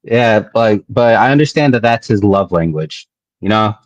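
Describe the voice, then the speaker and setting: Low-voiced man telling wrestling stories. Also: animated, moderate pace, no room sound. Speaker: guest wrestler. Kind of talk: casual interview chat. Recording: dull low-fi audio.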